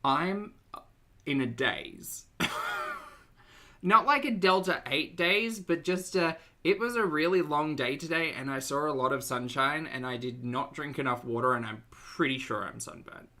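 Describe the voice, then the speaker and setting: An Australian man hosting a livestream, talking loudly in a chatty, self-mocking way as he greets viewers and comments on videos. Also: fairly high pitch, measured pace. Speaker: reaction livestream host.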